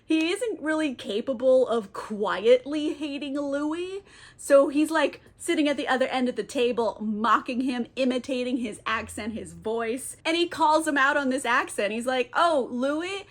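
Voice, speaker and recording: Young woman, higher-pitched, casual vlog recapper, chatty and sweary. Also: moderate pace. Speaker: TV recap vlogger.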